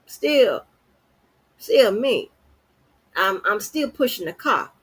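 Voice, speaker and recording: Husky woman ranting furiously. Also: medium pitch, animated, takes it slowly, fairly bright tone, rough recording. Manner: profane, heated, confrontational. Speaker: livestream host. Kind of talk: angry unscripted rant.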